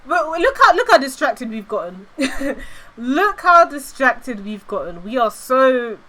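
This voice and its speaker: A woman's voice: sits high, big pitch swings, measured pace, sharp tone. A woman streaming casually as a VTuber, rambling and giggly, swearing casually. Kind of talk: casual livestream chat.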